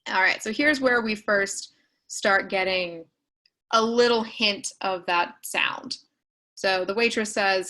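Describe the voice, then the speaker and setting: A woman's voice: mid-range voice, lively intonation, sharp tone, rough recording. Casual woman teaching over a video call. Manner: casual, filler-heavy explaining with quick asides. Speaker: writing workshop teacher. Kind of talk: online class walkthrough.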